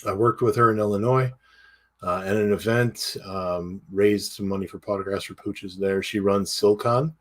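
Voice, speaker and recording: Male podcast co-host, lowish voice, casual and halting, full of fillers. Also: fairly even intonation. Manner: halting, many fillers and restarts. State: tearful. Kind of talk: casual chat.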